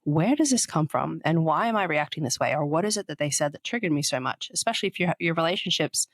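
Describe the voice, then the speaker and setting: A woman's voice: deep voice, no room sound. A woman co-hosting a relationship podcast, explaining ideas in a chatty way and reading out short quotes. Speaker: podcast co-host. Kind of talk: casual podcast chat.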